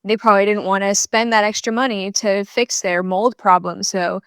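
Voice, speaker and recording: A woman's voice: mid-range voice, fairly even intonation, moderate pace, clean tone, no room sound, studio quality. A woman hosting a podcast, chatting casually and reacting to her guest in a friendly, conversational way. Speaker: podcast host. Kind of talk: casual interview chat.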